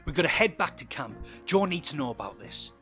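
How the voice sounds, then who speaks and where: A man's voice: on the high side, sing-song, brisk, soft background music. A man voicing a brash, condescending male outlaw who turns hot-tempered and frantic in danger. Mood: tense. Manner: teasing drawl, turns to frantic shouting.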